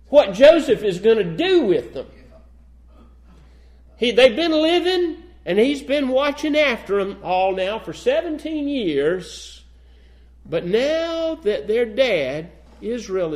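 A man's voice: high-pitched, darkish tone. A man preaching a sermon, reading old-fashioned scripture aloud and then pressing his points with rising emphasis.

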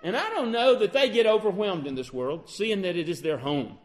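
A man's voice: sits high, animated, normal speed. A man preaching a sermon with a dramatic delivery that rises and falls. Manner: dramatic, rising and falling delivery.

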